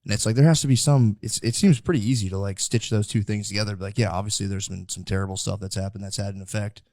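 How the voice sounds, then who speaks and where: A man's voice: fairly low pitch, fairly even intonation, fast talker, a little mellow, no room sound, studio quality. A young man hosting a casual podcast interview, rambling with lots of fillers. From United States. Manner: rambling, filler-heavy with many likes. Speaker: podcast host.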